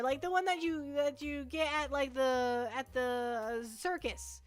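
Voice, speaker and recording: A woman's voice: high voice, fairly even intonation, unhurried, few pauses, soft background music. A young woman chatting casually on a livestream, rambling playfully and restarting her sentences.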